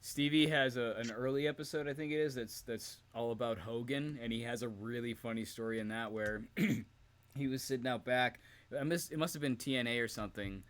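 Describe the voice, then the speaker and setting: A man co-hosting a podcast in casual chat, often laughing and slipping into quick impressions. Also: medium pitch. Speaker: podcast co-host.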